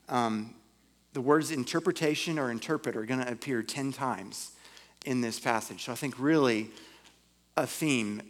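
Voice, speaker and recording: A man preaches to a congregation, moving between reading scripture aloud and unpacking it in a loose, everyday way. His voice sits at an ordinary middle pitch, with casual fillers between passages. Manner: reads scripture aloud, then explains it in plain conversational terms. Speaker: pastor.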